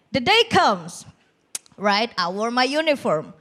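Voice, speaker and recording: High, lively woman doing stand-up. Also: a little slow. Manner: bold, teasing, self-mocking delivery. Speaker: stand-up comedian. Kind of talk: stand-up comedy routine. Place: TV competition stage.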